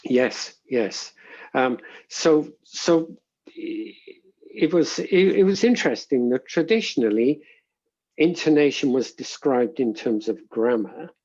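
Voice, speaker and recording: A man, a linguistics professor, giving measured, reflective answers in an interview and often pausing to rephrase. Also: medium pitch, a little mellow, slightly rough, muffled recording.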